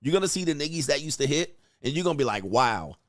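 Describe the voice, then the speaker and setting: A man's voice: fairly high pitch, big pitch swings, quick pace, no room sound, clean studio sound. A man hosting a crude, mocking reaction commentary, laughing and sneering at the clips he reads out. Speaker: host reacting to online clips.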